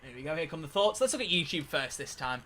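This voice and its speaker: A man talks to his live audience while he plays, loose and chatty, with the odd swear word. His tone is bright and forward. It sounds like a home streaming setup. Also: on the high side, quick pace, a little hiss or hum. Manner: chatty, animated, swears casually. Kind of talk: casual live-stream chat while gaming.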